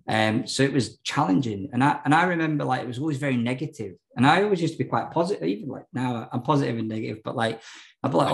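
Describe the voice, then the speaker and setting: Gravelly man, rambling. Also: mid-range voice, fast talker, rough recording. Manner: rambling, full of fillers and restarts. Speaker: guest. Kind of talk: candid conversational storytelling.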